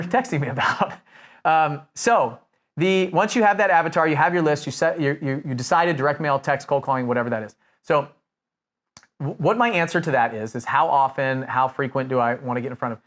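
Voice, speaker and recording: A man's voice: a little high, a little fast, a bit bright. A man coaching real estate investors in a casual, conversational way, with many restarts and fillers. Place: Nashville.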